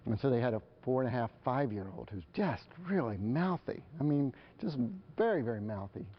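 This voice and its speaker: A man giving a live presentation to parents, animated and acting out the exchanges between parents and children. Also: mid-range voice, a little fast. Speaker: speaker on parenting. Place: lecture hall. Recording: dull lo-fi live recording.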